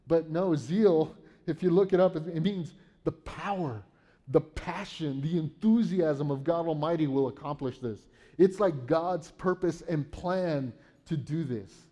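Speaking in a mellow, unhurried way, this fairly high-pitched man delivers a sermon. He reads out Bible verses, puts them in his own words, and keeps asking "right?" as he explains.

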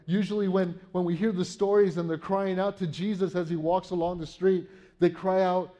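A man's voice: high-pitched, level tone, normal speed, mellow. A man preaching a sermon, reading Bible verses and explaining them in a conversational way, often checking in with "right?". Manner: reads Bible verses aloud, then paraphrases them.

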